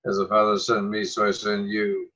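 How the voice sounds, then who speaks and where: A man's voice: lowish voice, monotone, normal speed, sharp tone, husky, lo-fi sound. A man reading a gospel passage aloud in church. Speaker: gospel reader. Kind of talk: scripture reading.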